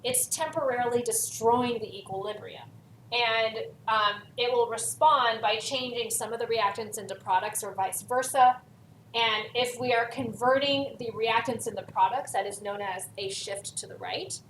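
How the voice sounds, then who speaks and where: A woman's voice: fairly high pitch, moderate pace, a bit bright. Woman teacher in an echoey room. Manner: stresses key words, repeats for emphasis. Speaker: chemistry teacher. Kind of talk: recorded lesson walking through worksheet. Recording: echoey room, voice from far off, faint hiss.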